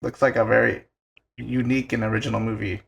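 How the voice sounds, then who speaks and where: Young male podcast co-host, gravelly, loose and chatty, swears offhand. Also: medium pitch, level tone, quick pace, fairly bright tone. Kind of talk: casual film podcast chat.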